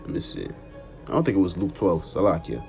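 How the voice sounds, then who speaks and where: A man's voice: sits low, very animated, a little fast, vocal fry, darkish tone, faint music behind. A man preaching an informal sermon and reading scripture, emphatic, repeating "man" and cursing for emphasis. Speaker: street preacher.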